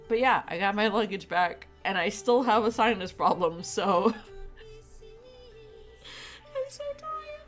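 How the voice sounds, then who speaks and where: Young woman, congested, tired, low voice, lively pitch, slow rambling chat, faint music behind. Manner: rambling, frequent laughs and fillers. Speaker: streamer. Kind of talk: casual chat with stream viewers.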